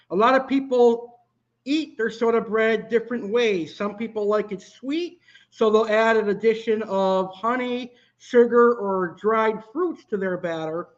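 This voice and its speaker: Chatty high-voiced man hosting a cooking stream. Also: normal speed, muffled recording. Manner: chatty, answers viewer comments. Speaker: live cooking show host. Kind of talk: casual live-stream chat.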